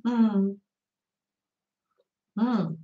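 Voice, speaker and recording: A woman's voice: medium pitch, very slow, phone-quality sound. A middle-aged British woman hosting a live art stream, chatting casually with viewers and laughing often. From Britain. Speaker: livestream art host. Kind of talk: casual livestream chat. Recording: roomy echo.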